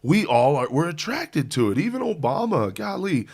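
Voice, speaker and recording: Male podcast co-host, casual and animated, quick to laugh mid-story. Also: on the high side. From Indiana. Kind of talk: casual sports podcast chat.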